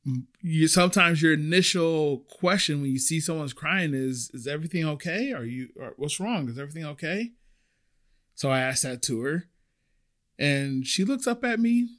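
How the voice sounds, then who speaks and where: A young man hosting a podcast, telling a personal service-industry story and acting out the people in it. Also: mid-range voice. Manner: animated, acts out quoted voices. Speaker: podcast host.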